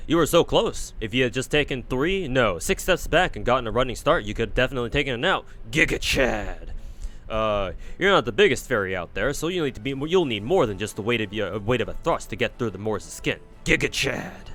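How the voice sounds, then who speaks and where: A man's voice: medium pitch, expressive, brisk, a bit bright, lightly acted. A man voicing a confident, friendly young knight who coaches and encourages, in his own normal voice while reading a game aloud. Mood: encouraging. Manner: earnest, coaching, tacks on a catchphrase.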